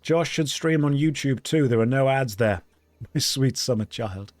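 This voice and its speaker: A man streams an online game live, chatting easily with viewers and reading their messages aloud with deadpan humor. His voice sits in the mid range, his pace is unhurried, and there's no echo.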